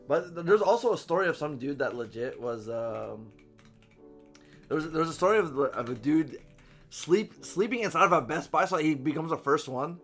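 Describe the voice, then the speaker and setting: A man's voice: on the high side, expressive, moderate pace, fairly bright tone, soft background music. A man co-hosting a podcast, casually telling stories and acting out the people he met. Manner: laid-back storyteller, acts out shop clerks in quoted voices. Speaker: podcast co-host. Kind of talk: casual chat. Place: Texas.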